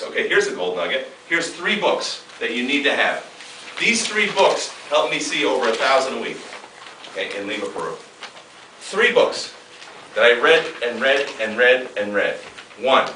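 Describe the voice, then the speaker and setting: A man giving an emphatic motivational seminar talk, swinging from loud bursts to hushed asides, heard from a distance in a large hall. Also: fairly high pitch, slight background noise. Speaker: seminar speaker.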